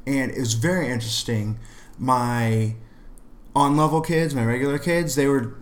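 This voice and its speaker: A young adult man, a middle school math teacher, chatting casually with a relaxed storytelling manner. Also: mid-range voice, moderate pace. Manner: relaxed storytelling, many fillers. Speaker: math teacher and podcast co-host. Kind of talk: casual chat.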